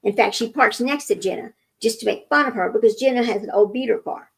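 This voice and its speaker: Brief: woman reader, slightly high, gravelly, chatty asides between passages. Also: fast talker, low-quality recording. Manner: chatty, interrupts herself with asides and corrections. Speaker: reader of a book. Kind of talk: reading aloud with running commentary.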